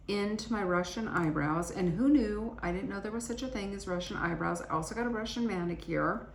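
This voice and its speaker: A middle-aged woman chatting casually to camera as a beauty vlogger, rambling and self-deprecating, tired and cranky after travel. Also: mid-range voice. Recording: echoey room with faint ambient noise.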